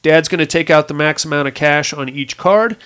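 A man chatting loosely about a movie, slipping into voices for each character as he retells the scenes. His voice sits a touch higher than most men's. The tone stays casual and crude throughout. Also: brisk, smooth. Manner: animated retelling, acts out characters' lines in shifting voices. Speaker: podcast co-host recapping a movie. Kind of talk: casual profane chat.

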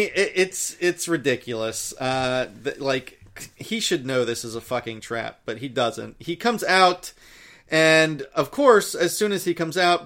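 A man's voice: on the high side, a bit bright. A man in casual chat, retelling a story with lots of swearing and acted-out quotes. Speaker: podcast co-host recapping a story.

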